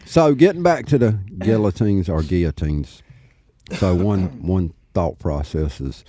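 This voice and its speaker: A man's voice: deep voice, sing-song, measured pace, mellow, no echo. A man co-hosting a podcast in casual chat, easygoing and joking. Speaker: podcast co-host.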